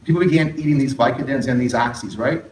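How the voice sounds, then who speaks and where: A man's voice: mid-range voice, quick pace, a little hiss or hum. A middle-aged man, a therapist, giving a candid addiction recovery talk to an audience, often throwing questions at the room and adding sarcastic asides. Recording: roomy hall picked up from a distance.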